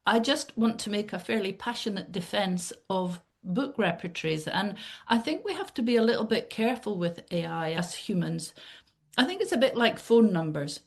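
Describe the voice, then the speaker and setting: A woman's voice: medium pitch, a little mellow. A woman speaks as a podcast guest, laying out her view in a thoughtful, earnest way. She works through personal anecdotes at a conversational pace. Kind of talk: conversational explanation.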